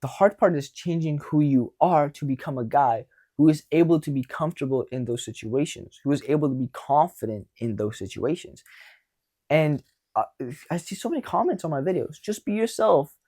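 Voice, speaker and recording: Blunt, animated young male dating coach. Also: fairly high pitch, brisk. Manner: animated, blunt, swears casually. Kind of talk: casual coaching monologue.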